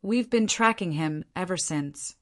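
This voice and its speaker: A woman's voice: lowish voice, a little slow, natural voice. Grim female army general, read by a woman. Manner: grim, curt.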